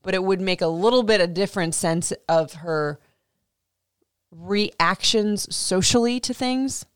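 A woman podcast host giving a casual, animated recap rant about a reality show. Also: mid-range voice, unhurried, clean tone, no echo, clean studio sound. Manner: animated, indignant, swearing.

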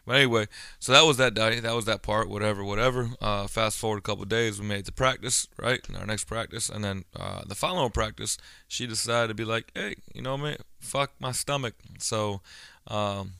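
A man's voice: on the low side, steady tone, fairly quick, vocal fry, bright, forceful tone, smooth, no echo, clean studio sound. A man in his thirties talking casually on his own podcast, a blunt storyteller who swears freely. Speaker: podcast host. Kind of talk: casual solo podcast monologue.

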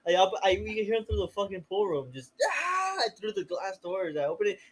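A young man co-hosting a casual podcast chat, animated and profane, cutting in with reactions and laughter. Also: high-pitched, fast, rough recording. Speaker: podcast co-host.

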